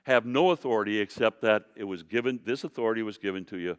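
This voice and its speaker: A man voicing a calm, solemn Jesus. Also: on the low side, fast, clean tone, long reverb tail, lightly acted. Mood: solemn, earnest. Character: calm, battered Jesus speaking to a governor, male.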